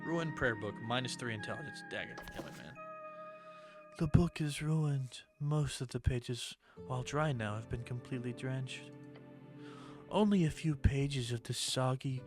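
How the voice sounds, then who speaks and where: A man playing a game demo who reads its narration aloud and breaks off into quick, dramatic reactions. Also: mid-range voice, huge pitch swings, music in the background. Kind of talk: let's-play commentary, reading game text aloud.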